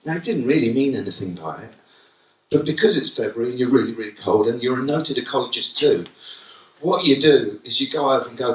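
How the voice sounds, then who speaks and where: A man giving a comic, animated keynote talk to teachers. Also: mid-range voice, a little fast. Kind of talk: conference keynote. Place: conference hall. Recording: echoey hall, mic from far off.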